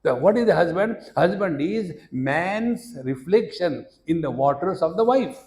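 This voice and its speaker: A man's voice: high-pitched, expressive, a little slow, darkish tone. Indian man teaching scripture in a hall. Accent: Indian English. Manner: storytelling, acts out dialogue, chants Sanskrit verses. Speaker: spiritual teacher. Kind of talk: discourse on scripture.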